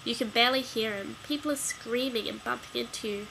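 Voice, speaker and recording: Bright-voiced woman reading a spooky kids' story. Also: on the high side, fairly quick, creaky, slight background noise, low-quality recording. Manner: voices the dialogue with lively emphasis. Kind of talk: reading a children's gamebook aloud.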